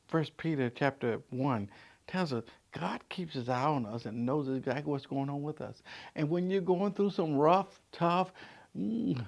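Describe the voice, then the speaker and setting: In a vlog sermon, a pastor in his sixties with a creaky voice speaks conversationally, stammering into restarts. He swings from loud, emphatic peaks to soft, low asides.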